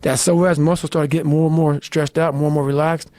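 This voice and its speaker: A middle-aged man giving a blunt, profane motivational talk, swinging between low growls and shouted bursts. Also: flat delivery, fairly quick, dry recording. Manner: blunt, swearing constantly, fired-up. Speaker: motivational speaker. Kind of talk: intense profane monologue.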